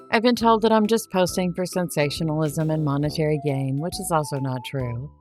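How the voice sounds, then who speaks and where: Low-voiced, defiant woman podcaster. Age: adult, married. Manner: sarcastic, defiant. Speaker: true crime podcast host. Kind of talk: monologue to camera.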